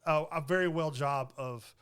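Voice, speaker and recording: Easygoing guy co-hosting a podcast, kinda high voice, teases his buddy, laughs a lot. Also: normal speed, fairly bright tone, clean tone. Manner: laid-back, teasing, laughs often. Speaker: podcast co-host. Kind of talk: casual chat.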